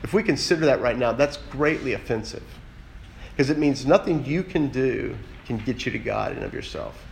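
A man's voice: medium pitch, animated, moderate pace, creaky, slight background noise, low-quality recording. Earnest male pastor preaching conversationally. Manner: earnest, direct, asks the listeners questions. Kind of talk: conversational sermon.

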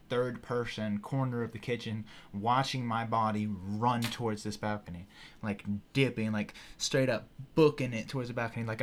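A young man telling a wild personal story in casual podcast talk, animated and profane, with lots of "you know" and "like". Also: mid-range voice. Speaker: podcast guest.

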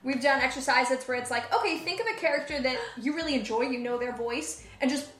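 A woman with a high voice chats eagerly with her castmates. Her speech carries a roomy echo. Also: fast talker, fairly bright tone. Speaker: podcast cast member. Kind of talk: casual chat.

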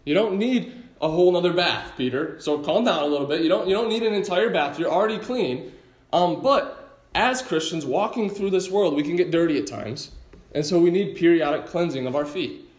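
A man preaching a sermon in an animated, conversational way with casual asides. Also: a little high, fairly quick, echoey room. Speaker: pastor.

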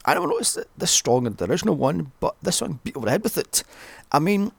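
Man, film reviewer, gravelly voice, lively pitch, dry close sound. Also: fast talker, dry recording. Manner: blunt, sweary, ranting. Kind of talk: casual solo review.

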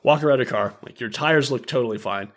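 A man's voice: mid-range voice, fairly quick, fairly bright tone. A young man co-hosting a podcast, telling a story in casual chat, acting out quotes and laughing often. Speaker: podcast co-host.

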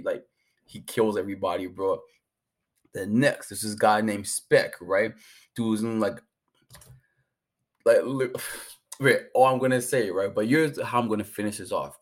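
A man giving a casual, rambling, hyped recap of an anime episode, full of slang and fillers. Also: lowish voice. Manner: hyped, rambling, slangy, says 'bro' and 'like' constantly. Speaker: anime reviewer.

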